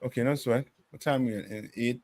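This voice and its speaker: A man leading a bible class, preaching hard at his listeners and checking in with rhetorical questions. His voice sits at an ordinary pitch and sounds dry and close. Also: steady tone, fairly quick, darkish tone, no room sound. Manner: emphatic, many rhetorical questions. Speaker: class teacher.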